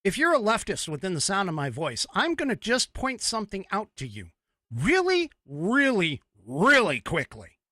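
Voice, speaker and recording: A fired-up man delivers a podcast monologue with a forceful, bright edge and a voice that swings widely up and down. He rants and swears openly, and the sound is dry, close and free of room echo. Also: high voice, wildly swooping pitch, moderate pace. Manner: angry, profane ranting. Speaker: podcast host.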